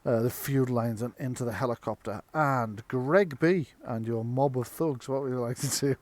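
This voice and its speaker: A man narrating as game master of a live-streamed tabletop game, halting with ums while he tallies dice and describes the fight. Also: medium pitch, a little mellow. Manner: halting, full of ums and restarts while tallying rolls.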